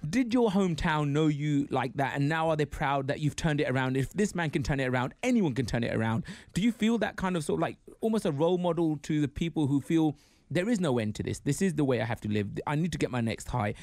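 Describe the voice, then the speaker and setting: Radio host, male, quick rambling questions, fairly high voice, dry studio. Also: expressive, a little mellow, no echo. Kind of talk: radio interview.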